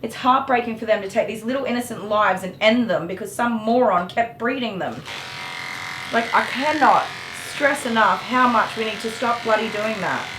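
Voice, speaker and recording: A woman's voice: fairly high pitch, moderate pace. Woman groomer, passionate and ranting. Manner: passionate, ranting, swears mildly. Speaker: dog groomer. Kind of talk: casual chat while grooming on a live stream. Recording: echoey room with electric clipper noise.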